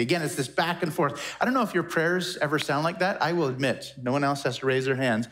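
A man's voice: on the high side, moderate pace, few pauses, fairly bright tone. Man preaching in a conversational style. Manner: conversational, reflective preaching with many restarts. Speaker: pastor. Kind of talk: sermon.

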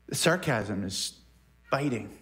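A man's voice: medium pitch, fairly bright tone. A man preaching a sermon in a conversational way, often repeating words as he works through a thought. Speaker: pastor.

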